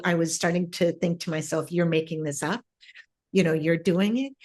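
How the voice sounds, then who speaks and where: A woman guest in an interview, telling a personal spiritual story in a reflective, halting way with many pauses and fillers. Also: low-pitched. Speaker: interview guest, ancestral healer.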